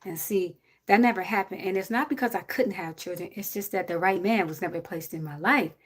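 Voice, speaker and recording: A woman's voice: lowish voice, a little fast. A woman, giving blunt, preachy advice to a viewer on a casual livestream. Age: 40s.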